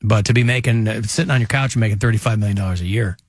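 A man's voice: lowish voice, racing, no room sound. Wry, dry-sounding talk radio host man. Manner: wry, joking, rambling asides. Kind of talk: casual talk radio banter.

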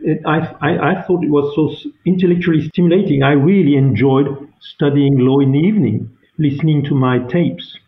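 A man in his fifties from France, speaking English with a French accent. He answers interview questions haltingly, with many fillers and restarts. His voice comes through a tinny, phone-like line with a roomy echo. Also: on the high side. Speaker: guest, company CEO. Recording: echoey room over a tinny phone-like line.

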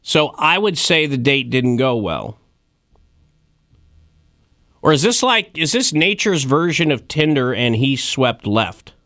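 Man, thirties, comedy news host, joking, rambling with fillers, middling pitch, dry close-miked sound. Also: animated, a little slow, hardly any pauses, sharp tone, dry recording. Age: 30s. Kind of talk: casual comedic news chat.

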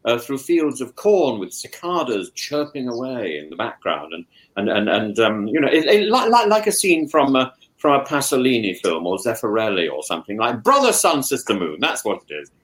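A man's voice: mid-range voice, normal speed. Guy on a podcast, lots of um and stutters, voice jumps up and down, pretty opinionated. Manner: stammering restarts, animated opinions. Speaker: guest. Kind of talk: casual discussion.

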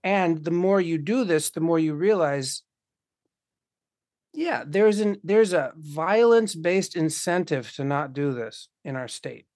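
Casting: man, fairly high-pitched, impassioned casual talker who curses freely, close and dry sound. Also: unhurried, darkish tone, no echo. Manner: impassioned, swears often, acts out quoted voices. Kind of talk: casual conversation.

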